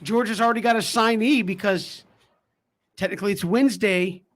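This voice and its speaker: A male sports radio host with a fairly high voice welcomes listeners back and reads the show plugs. Between plugs he jokes along with the others in an amused tone, then pulls the talk back on track. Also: steady tone, normal speed, fairly bright tone.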